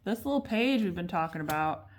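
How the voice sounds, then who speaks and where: Lowish-voiced woman tarot reader, loose and chatty, lots of ums and restarts, seated at a table. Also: lively intonation, a little fast, a little hiss or hum. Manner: rambling, chatty, many fillers and restarts. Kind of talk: casual spoken tarot reading. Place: at a table at home.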